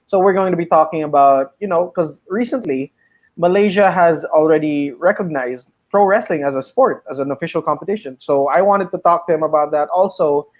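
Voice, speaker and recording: A man from the Philippines who is a pro wrestler, hosting a casual livestream chat over a video call, upbeat and steady. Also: on the high side, brisk. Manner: plugging shows, steady and upbeat. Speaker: pro wrestler and show host.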